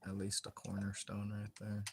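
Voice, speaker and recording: A man's voice: on the low side, completely flat delivery, moderate pace, background noise. A young man chatting casually while he plays a game, rambling with lots of filler words and frequent giggles. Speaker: gaming streamer.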